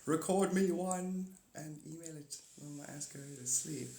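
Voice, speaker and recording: A man hosting a live stream in casual chat, excitable, swearing often and laughing a lot. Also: on the high side, measured pace. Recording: echoey room.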